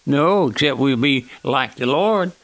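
A man preaching a sermon on the radio in a plain, folksy, earnest manner, often calling out to his listeners as friends and slowing down for scripture. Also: mid-range voice, lively intonation, fairly bright tone, no room sound. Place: church auditorium.

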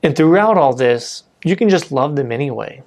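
A man's voice: medium pitch, lively intonation, moderate pace, a little mellow. A man giving a casual, conversational sermon, often saying "you know" and restarting his sentences. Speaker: preacher.

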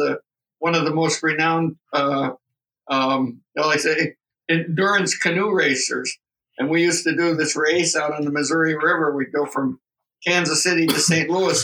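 A man's voice: on the high side, pushed and bright, far from the mic, poor audio. Chuckling older man, slightly off-mic. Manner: chuckling, rambling anecdotes. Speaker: guest. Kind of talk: casual storytelling.

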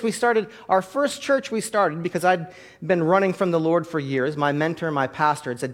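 A middle-aged pastor delivering a sermon in a slightly high voice. He tells stories in a loose, chatty way full of fillers, then lifts into loud, fervent calls for his congregation to repeat prayers after him. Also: lively intonation, fairly quick. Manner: conversational storytelling with many fillers.

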